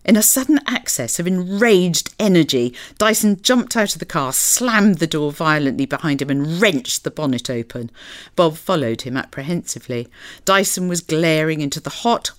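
Low-voiced woman reading a story. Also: lively intonation, normal speed. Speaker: radio book show presenter. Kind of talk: reading a novel aloud, then chatting.

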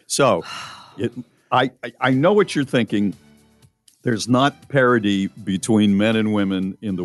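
A man hosting a casual talk show, incredulous and sardonic. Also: lowish voice. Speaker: podcast host. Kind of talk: casual chat.

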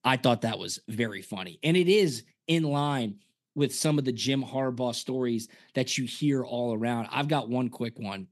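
A former punter co-hosting a casual sports podcast, telling stories and acting out quotes. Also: male voice, mid-range voice, moderate pace. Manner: animated storyteller, acts out quotes.

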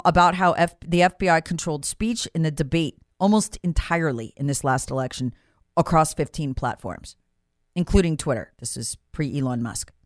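A woman's voice: fairly low pitch, no echo, studio quality. A woman hosting a talk show, giving an emphatic, sarcastic political commentary monologue and repeating words for emphasis. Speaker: talk radio host.

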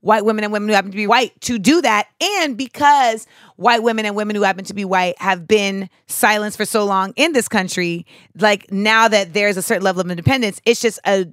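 A woman's voice: medium pitch, a little fast, no room sound, studio quality. A young adult woman hosting a casual chat, talking bluntly and animatedly with lots of "like.". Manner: blunt, animated, says "like" a lot. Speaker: podcast host.

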